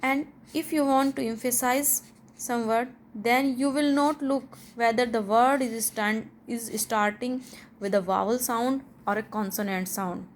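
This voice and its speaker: A young woman with a fairly high voice teaches a pronunciation lesson at an unhurried pace. She talks deliberately and says each example word on its own. A faint noise sits behind her. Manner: slow, deliberate, repeats example words. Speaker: English teacher.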